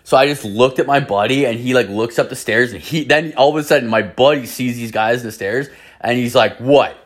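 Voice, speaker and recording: A man from Canada hosts his own podcast and tells a story in a loose, swear-laden ramble, often stopping to restart a sentence. His voice sits at an ordinary male pitch. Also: a little fast. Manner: rambling, heavily profane, hedges with "like". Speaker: podcast host.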